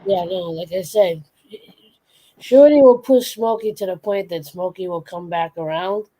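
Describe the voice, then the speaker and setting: A woman co-hosting a casual chat, animated as she tells stories about her pets. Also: on the low side, a little slow, rough recording. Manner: animated storytelling, acts out her pets' voices. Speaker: podcast co-host.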